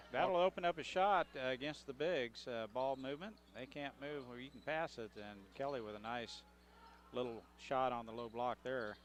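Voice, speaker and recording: A man adds color commentary to a local basketball broadcast, breaking down plays in a measured, mid-pitched voice with occasional fillers. A faint hiss of background noise sits under his voice.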